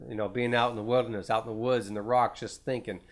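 A man's voice: mid-range voice, level tone, fast. A man preaching an informal Bible teaching, rambling, repeating words and restarting his sentences.

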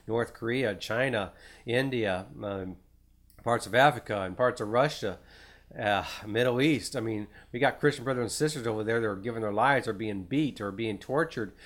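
A man's voice: fairly low pitch, normal speed. A man preaching an informal Bible teaching, rambling, repeating words and restarting his sentences.

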